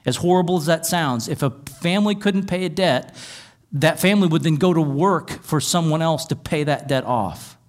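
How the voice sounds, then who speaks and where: A man's voice: on the high side, normal speed. A man preaching a sermon as pastor, reading scripture aloud and explaining it conversationally with wry asides.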